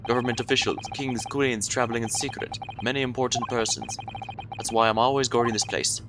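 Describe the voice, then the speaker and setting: A man's voice: medium pitch, steady tone, brisk, lightly acted. A man voicing a stern, suspicious male sailor guard who speaks in broken, clipped English with a mock Russian accent, over a noisy background hiss. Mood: gruff.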